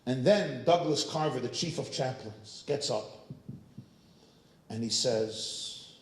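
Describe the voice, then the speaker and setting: A man, a rabbi, telling a humorous story to a synagogue audience, animated and joking, with frequent asides to the crowd. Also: mid-range voice, takes it slowly, long pauses, reverberant, poor audio. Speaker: rabbi, guest speaker. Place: synagogue hall.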